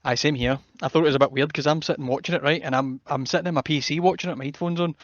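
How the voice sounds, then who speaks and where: A man, co-hosting a casual chat and calmly breaking down fights. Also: on the high side, rapid-fire, no room sound, dull audio. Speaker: podcast co-host.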